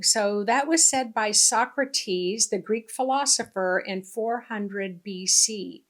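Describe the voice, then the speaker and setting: Woman giving a relaxed spiritual talk. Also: a little high, extremely slow. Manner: conversational, repeats points for emphasis. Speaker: spiritual teacher. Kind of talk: casual spiritual teaching monologue.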